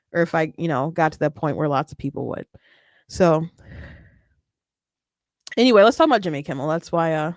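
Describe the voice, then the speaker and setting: A woman hosting her own show, giving casual political commentary in a chatty, animated way with frequent restarts. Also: on the low side, no echo, studio quality.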